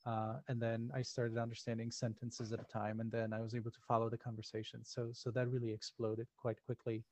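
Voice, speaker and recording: A man's voice: mid-range voice, monotone, a little fast, darkish tone, no echo. A man co-hosting a podcast in casual chat, rambling with lots of fillers and restarts. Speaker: podcast co-host.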